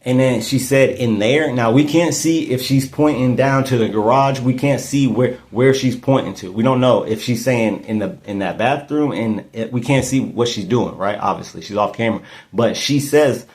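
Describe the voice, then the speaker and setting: A man's voice: medium pitch, normal speed, few pauses, darkish tone. A man hosting a casual true-crime commentary podcast, thinking aloud and often repeating and restarting his words. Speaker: podcast host.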